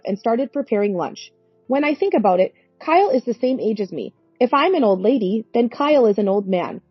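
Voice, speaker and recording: A woman's voice: mid-range voice, slightly rough, no echo. A woman in her forties narrating a story in an earnest, plaintive way. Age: 40s. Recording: dry, dull lo-fi recording.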